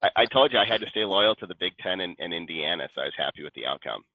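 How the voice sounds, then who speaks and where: A man from Minnesota, the guest speaker, talking in a relaxed, rambling way and correcting himself as he goes, on a video call. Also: low-pitched, rapid-fire, breathy edge, dry recording. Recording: tinny phone-like call line.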